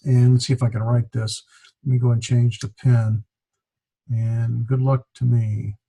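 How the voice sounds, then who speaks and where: A man's voice: medium pitch, level tone, unhurried, gravelly, mellow, breathy edge, poor audio. A man teaching a Greek class in a classroom lecture, explaining steadily with many hesitant fillers.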